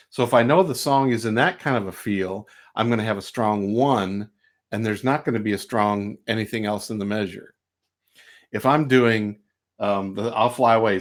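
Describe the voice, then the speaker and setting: A middle-aged man teaching a music lesson on a livestream, relaxed and chatty, who stops to sing beat syllables to show the rhythm. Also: on the low side, moderate pace. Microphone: home livestream mic.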